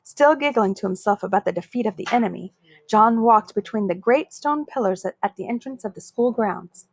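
A woman's voice: mid-range voice, expressive, a little fast, husky, dry recording. Woman reading a children's book aloud. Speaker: story reader.

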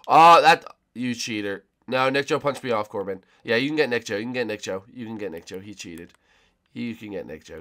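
A young man hosting a Minecraft hide-and-seek video, giving excitable, jokey commentary to his friends and viewers. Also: lowish voice. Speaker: gaming channel host. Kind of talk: live Minecraft gameplay commentary.

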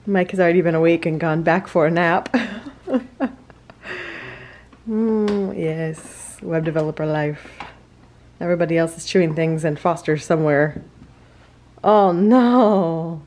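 A woman's voice: on the low side, unhurried, pauses often, a little mellow, slight background noise. A young woman casually vlogging in her home kitchen, chatty and upbeat, with bad jokes, on a handheld camera.

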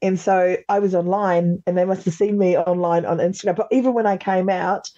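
An Australian woman telling stories on a podcast with lively energy, dropping swear words and laughing as she acts out other people's lines. Her voice is mellow and a touch dark. The audio sounds dull and lo-fi, like a remote call. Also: fairly low pitch, fairly quick, no echo. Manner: animated, swears freely, laughs often, acts out quotes. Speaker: podcast guest, former reality show contestant. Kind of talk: casual interview chat.

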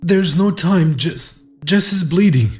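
An inhuman thing pretends to be a trapped young man, calling out high and desperate, as a man puts it on. Its husky voice begs and beckons in a spoken horror story. Faint music plays under it. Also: expressive, takes it slowly, darkish tone, heavily acted. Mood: desperate shrieking. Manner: shrieking, begging, eerily calling.

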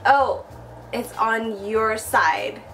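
A young American woman, a guest on a casual vlog, excitable and laughing a lot over background music. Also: a little high, extremely slow. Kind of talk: casual chat.

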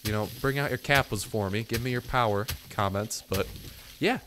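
Young male gaming commentator, lowish voice, chatty and rambling, faint background hum. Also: normal speed. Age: young adult. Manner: chatty, rambling, self-mocking. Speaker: gaming YouTuber. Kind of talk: casual let's-play commentary.

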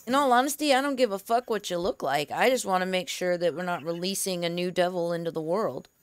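Blunt woman with a low, smooth voice. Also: fast, no room sound. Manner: blunt and skeptical, swears freely. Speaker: player. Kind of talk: casual in-character play.

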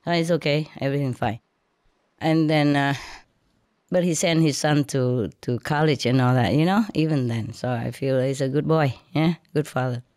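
A woman telling a casual story to listeners in broken English, animated and often laughing as she speaks. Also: extremely low pitch, moderate pace, dry recording, clean studio sound. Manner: non-native English with broken grammar. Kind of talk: casual anecdote told to listeners.

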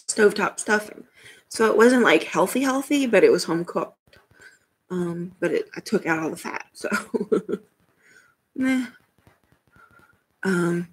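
A woman's voice: on the low side, husky, rough recording. A woman hosting a casual livestream chat from home, rambling and laughing often as she talks to viewers. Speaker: livestream host.

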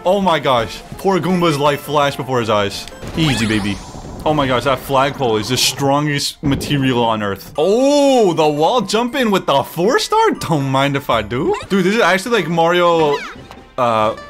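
Young-sounding gaming streamer, excitable and swearing, lively up-and-down delivery, game music behind. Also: male voice, fairly high pitch, moderate pace. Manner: excitable, joking, swears often, talks to the game. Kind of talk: let's play commentary.

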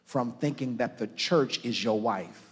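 A man preaching as a pastor in a church, telling a story in a hushed murmur and then building to loud, rousing preaching. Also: medium pitch, unhurried, breathy edge. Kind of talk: sermon. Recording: long reverb of a church hall.

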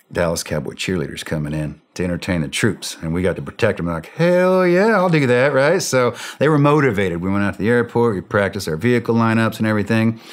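A deep-voiced man spins a casual war story as a podcast guest. He is animated and laughs easily, slipping into the voices of the people in his story. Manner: animated, laughing, acts out quoted dialogue. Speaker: former special forces operator, podcast guest.

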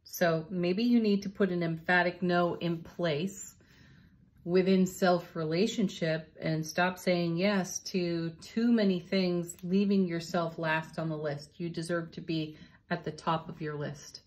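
A woman giving a spiritual tarot and oracle card reading, gentle and encouraging, laughing softly between cards. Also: fairly low pitch, fairly even intonation, measured pace.

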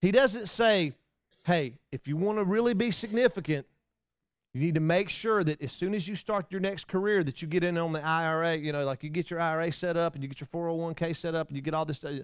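A man's voice: fairly high pitch, brisk, clear, resonant tone, no echo, clean studio sound. A man preaching a sermon to his congregation in a casual, folksy way, with many restarts and asides. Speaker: pastor. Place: church.

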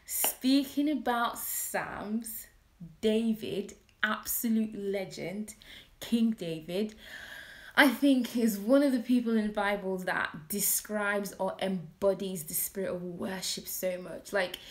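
A woman speaks in a middle-pitched voice, earnest and conversational, sharing reflections on worship. Now and then she drops into soft, hushed asides. Her voice rings in a roomy, echoey space. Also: slow. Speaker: Christian vlogger. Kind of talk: reflective personal talk on worship.

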